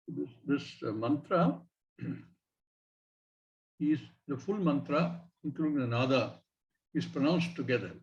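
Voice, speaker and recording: A man teaching a scripture class. He explains each point slowly and in a measured way, and recites Sanskrit syllables as he goes. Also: medium pitch, recorded from a distance. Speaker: Vedanta teacher. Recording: dull lo-fi recording.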